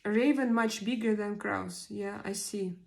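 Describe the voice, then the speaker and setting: Slow, halting woman. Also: medium pitch, creaky, a little mellow. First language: Russian. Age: 40s. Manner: halting, searching for words with many pauses. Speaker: livestream host. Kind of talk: casual live chat reading viewer comments.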